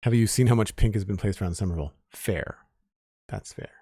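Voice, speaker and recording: Male streamer, lower voice, easygoing chat with viewers, dry booth sound. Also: brisk, breathy edge, no room sound. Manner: relaxed, chatty, reads out chat names and thanks followers. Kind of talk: casual live-stream chat.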